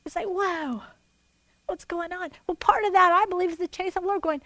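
Preaching a little fast in her high voice, a woman swings animatedly from booming declarations to hushed side remarks, speaking quoted lines for God and others. The sound is close-miked and dry, with no echo from the room.

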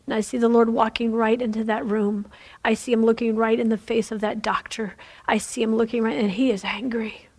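Husky woman leading fervent prayer. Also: on the high side, flat delivery, a little fast, a little mellow. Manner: fervent, repetitive, slipping into whispers. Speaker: prayer leader. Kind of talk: prophetic prayer.

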